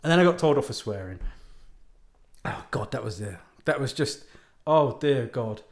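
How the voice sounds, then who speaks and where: A man's voice: medium pitch, expressive, moderate pace, roomy sound. A man hosting a podcast, telling a rambling, sweary story and laughing often in exasperation. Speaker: podcast host and author. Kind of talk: rambling casual monologue.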